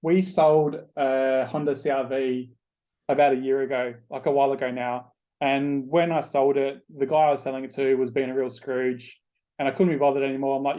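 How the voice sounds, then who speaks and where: A man's voice: medium pitch, flat delivery, moderate pace, warm tone, muffled recording. A man with an Australian accent hosting a podcast, telling a casual story with plenty of swearing. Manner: chatty, loose, swears freely. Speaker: podcast host.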